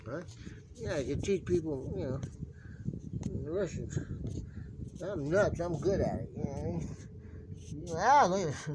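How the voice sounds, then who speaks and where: A man's voice: fairly high pitch, lively intonation, normal speed, pauses often, noisy background. Chatty rambling man outdoors. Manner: chatty, repetitive, talks to birds. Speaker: vlogger. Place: outdoors on pavement. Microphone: phone camera held in one hand.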